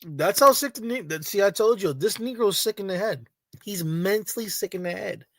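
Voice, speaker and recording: A man's voice: sits high, moderate pace, no room sound, clean studio sound. A man co-hosting a stream, mocking and repeating exclamations in casual reaction commentary.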